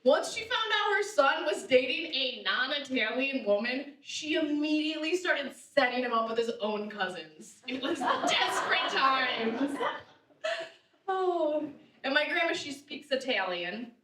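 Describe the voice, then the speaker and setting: Young female stand-up comic, high and bright voice, animated delivery. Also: unhurried. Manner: animated, laughs at own jokes, loud punchlines. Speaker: stand-up comedian. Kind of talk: stand-up comedy set. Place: live theater stage. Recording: roomy theater sound, distant mic.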